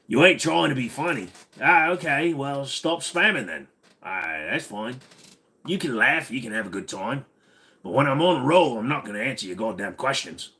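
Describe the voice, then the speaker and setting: A man hosting a casual livestream, talking bluntly and crudely, his voice tiring and going hoarse. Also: medium pitch, animated, moderate pace, bright, forceful tone. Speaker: livestream host.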